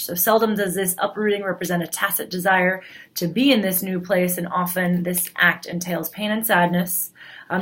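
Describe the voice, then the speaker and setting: In a recorded class announcement, a woman teacher explains the week's assignments plainly, with frequent fillers. Her voice is fairly low in pitch with a fairly bright tone.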